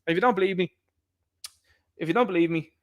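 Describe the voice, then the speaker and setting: A man's voice: high-pitched, quick pace. Ranting man, raised voice. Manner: ranting, mocking, acts out quotes. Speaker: podcast host. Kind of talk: opinion commentary monologue.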